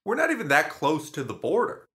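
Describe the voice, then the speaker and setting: A man's voice: fairly high pitch, huge pitch swings, a little fast, sharp tone. A young adult man in a casual comedic chat, rambling, swearing and laughing often.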